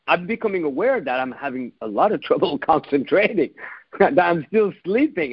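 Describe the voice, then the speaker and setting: Animated storytelling male dating coach. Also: sits high, dry recording, lo-fi sound. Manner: animated storytelling with frequent restarts and laughs. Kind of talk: motivational monologue.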